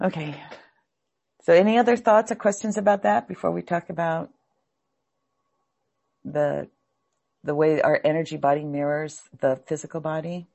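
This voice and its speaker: Brief: woman teaching a class, sincere and searching, rough grainy voice with a breathy edge. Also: low-pitched, steady tone, normal speed, long pauses, darkish tone, muffled recording. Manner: earnest, heartfelt, searching. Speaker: spiritual teacher.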